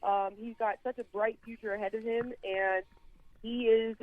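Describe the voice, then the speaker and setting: A woman sports journalist calmly explaining her picks during a casual radio interview, with fillers now and then. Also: a little high, normal speed, no echo. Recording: tinny phone line.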